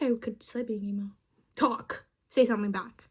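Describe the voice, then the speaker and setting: A woman's voice: on the high side, fairly even intonation, normal speed, darkish tone, slightly rough. A young woman chatting casually with a chatbot. She rambles playfully and mutters asides under her breath.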